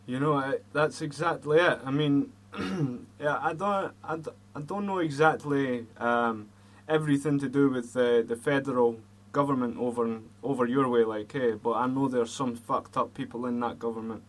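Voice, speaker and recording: A man's voice: mid-range voice, normal speed. A Scottish man hosting an online radio show, chatting bluntly and heatedly with plenty of swearing. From Scotland. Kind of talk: casual chat.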